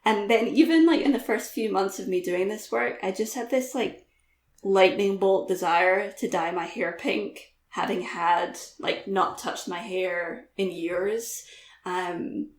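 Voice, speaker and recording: A woman's voice: mid-range voice, unhurried, reverberant. A woman guest author talking candidly in a podcast interview, laughing easily, with lots of "like" and "um".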